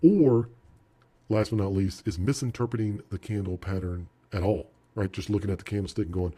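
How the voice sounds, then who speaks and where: A man teaching a trading lesson over charts, animated and emphatic, talking straight to the viewer. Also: fairly low pitch, normal speed, slightly rough. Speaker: trading instructor.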